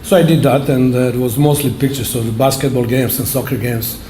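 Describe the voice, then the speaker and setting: An older man in his seventies gives an acceptance speech at a podium, his voice mellow and relaxed. He speaks plainly and haltingly in simple phrases. The sound carries the roomy echo of a banquet hall. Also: medium pitch, a little hiss or hum. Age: 70s. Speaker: award honoree. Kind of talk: acceptance speech, personal storytelling.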